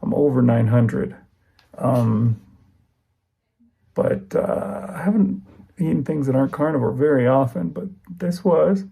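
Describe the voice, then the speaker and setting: Male vlogger, casual and meandering, with a warm, husky tone. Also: mid-range voice, measured pace, pauses often. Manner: rambling, relaxed, many ums. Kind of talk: casual diet vlog talk.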